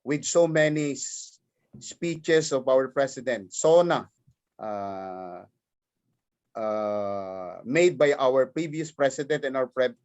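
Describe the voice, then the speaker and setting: A man's voice: medium pitch, expressive, slow, darkish tone, clear, resonant tone. A man from the Philippines with a Filipino accent, giving an emphatic formal speech at a virtual forum and repeating his key points. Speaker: cooperative leader giving remarks.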